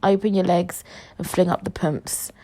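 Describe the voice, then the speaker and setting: Animated cheeky woman podcaster. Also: moderate pace. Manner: animated, swinging from loud outbursts to low mutters; joking, swearing, cheeky. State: queasy from food poisoning. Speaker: podcast host. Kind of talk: storytime monologue.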